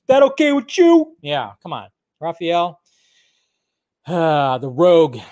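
Chatty man hosting a livestream. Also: on the high side. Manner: reads out and answers live chat questions; loose, rambling, swears freely. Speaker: film news channel host. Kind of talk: casual livestream chat.

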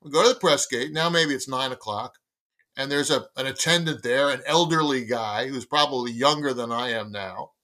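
Bright-voiced older man telling a story. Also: medium pitch, moderate pace. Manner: lively storyteller acting out dialogue. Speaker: guest, baseball magazine editor. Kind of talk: storytelling anecdote in conversation.

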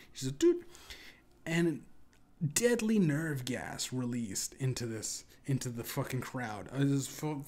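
A young man hosting a podcast, telling an absurd comedic story in a casual, profane, rambling way with lots of restarts. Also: mid-range voice. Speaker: podcast host.

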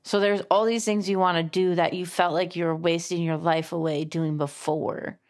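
A woman co-hosting a casual podcast chat, talking in a reflective, gently teasing way and laughing easily. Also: lowish voice, little pitch movement, normal speed. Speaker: podcast co-host.

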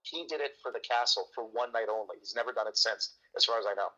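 A man, a magician, telling a story in a casual chat, animated and joking, in a dull lo-fi recording. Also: lowish voice, fast talker.

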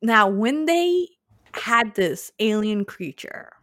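A woman co-hosting a casual chat, animated, teasing her co-host and ranting with emphasis. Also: mid-range voice, slow.

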